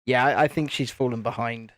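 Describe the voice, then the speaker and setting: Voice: mid-range voice, steady tone, brisk, no room sound, clean studio sound. A host chatting casually on a live stream while building, rambling and repeating phrases.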